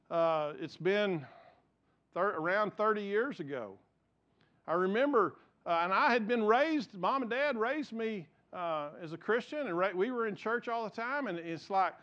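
Earnest male pastor in his forties, higher-pitched, sermon on a muffled lo-fi recording. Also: bright, forceful tone. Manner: earnest, repeats words while building points.

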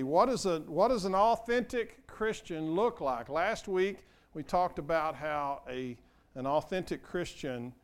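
A man's voice: a little high, clear, resonant tone. An older man preaching a sermon as pastor, earnest and conversational, often asking the congregation questions.

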